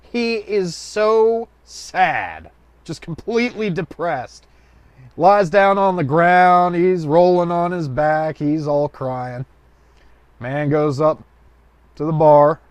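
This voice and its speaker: A man's voice: a little high, takes it slowly, smooth, no room sound. Man telling a joke, loose and rambling. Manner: loose and colloquial, rambling asides. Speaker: joke teller. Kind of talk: casual joke storytelling.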